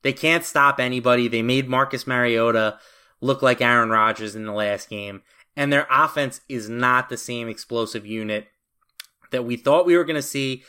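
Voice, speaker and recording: A man co-hosting a sports betting podcast, giving his picks in a confident, brisk manner with casual fillers. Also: medium pitch, bright, forceful tone, smooth. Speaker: podcast co-host.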